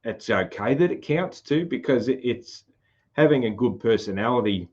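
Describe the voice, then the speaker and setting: A man's voice: mid-range voice, animated, normal speed, a little mellow, muffled recording. A man with a broad rural Australian accent hosting a casual podcast chat, rambling with lots of fillers and restarts. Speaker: podcast host.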